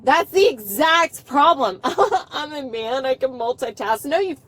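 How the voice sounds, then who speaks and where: Combative woman, high-pitched. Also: lively intonation, unhurried, a bit bright, rough recording. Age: 30s. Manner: combative, profane and mocking. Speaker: arrested driver, nurse. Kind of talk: heated roadside argument. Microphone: police body camera.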